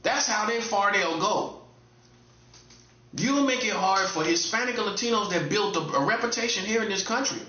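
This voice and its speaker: A high-voiced man delivers a casual monologue with a bright, forceful edge. He lectures the listener, repeating himself for emphasis. The recording sounds roomy and a little dull. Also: lively intonation, moderate pace, slight background noise. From North Carolina. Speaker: online commentator.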